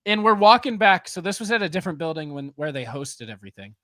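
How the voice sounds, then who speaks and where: A man's voice: a little high, fast, no room sound. A man hosting a podcast in casual chat, telling a story with energy and acting out the people in it. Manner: animated storyteller, laughs often, acts out other people. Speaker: podcast host.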